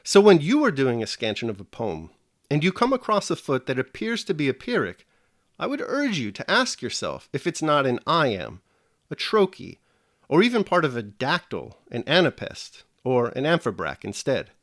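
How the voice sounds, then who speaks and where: This scripted video lesson comes from a man with a medium-pitched, animated voice that swings up and down freely. He addresses the audience directly and lays out every step at a measured pace. Sound is close and dry, without any room tone.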